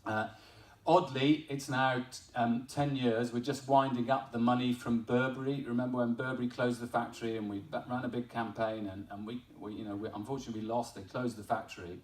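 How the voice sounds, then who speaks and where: A man's voice: medium pitch, little pitch movement, a little fast, far from the mic. A man who is a member of parliament gives a chatty, self-deprecating speech at an awards ceremony, with an English accent although he is from Wales. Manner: chatty, self-deprecating, laughing at his own story. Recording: echoey hall, voice picked up from afar.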